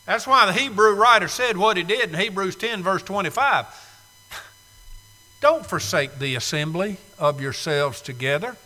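A man's voice: sits high, animated, moderate pace, sharp tone, in a large hall. A man preaching a sermon to a live congregation, emphatic and fond of repeating key phrases. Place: church sanctuary, live congregation.

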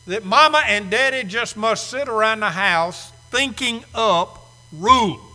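Bright-voiced preacher in his sixties. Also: high voice. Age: 60s. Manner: emphatic, slows down to stress key words; asks the audience rhetorical questions. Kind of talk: sermon. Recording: echoey hall.

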